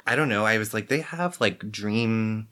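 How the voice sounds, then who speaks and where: A woman's voice: rumbling low, moderate pace, a bit bright. A woman co-hosting a podcast in casual chat, rambling and joking with lots of "like" asides. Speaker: podcast co-host.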